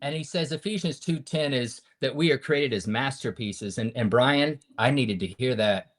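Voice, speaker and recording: A man in his fifties, a podcast guest, telling a personal story in an earnest, preacher-like way that swings between loud and hushed. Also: medium pitch, normal speed. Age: 50s.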